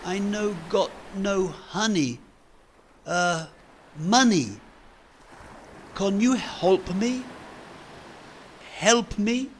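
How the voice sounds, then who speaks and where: A man voicing a sad, lost young foreign man who speaks halting, broken English and keeps correcting himself. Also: high-pitched, slight background noise, voice pushed up. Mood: anxious. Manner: slow, halting speech with self-corrections.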